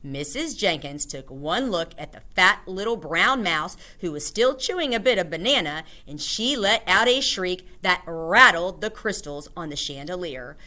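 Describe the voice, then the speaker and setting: A woman reading a children's book aloud with expressive storytelling. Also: fairly low pitch, normal speed, few pauses. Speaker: storybook reader.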